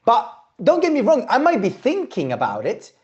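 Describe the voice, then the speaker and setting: A man's voice: very high voice, huge pitch swings, normal speed, darkish tone, muffled recording. A man teaching a sales class, blunt and swearing casually, often checking in with "okay?". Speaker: sales trainer.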